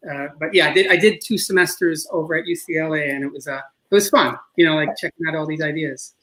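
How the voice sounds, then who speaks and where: A man's voice: a little high, fast, fairly bright tone, rough recording. A middle-aged man with a New York accent, a filmmaker talking casually in an interview, rambling with many restarts. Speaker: filmmaker guest.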